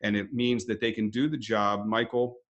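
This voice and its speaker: A man's voice: fairly low pitch, little pitch movement, normal speed, a bit bright. A man hosting a webinar interview, explaining in a conversational way with acted-out quotes.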